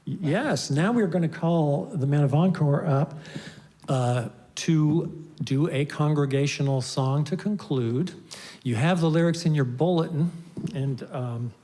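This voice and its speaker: A man leading a worship service who reads a poem and gives relaxed, joking song instructions to the congregation. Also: on the high side, takes it slowly, long pauses.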